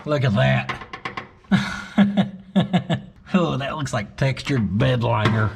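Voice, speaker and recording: A man's voice: mid-range voice, slow pace, creaky, noisy background. Folksy man tinkering in a shop. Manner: folksy, joking, talks to himself and his dog. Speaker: shop owner working on an old truck. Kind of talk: casual workshop vlog narration.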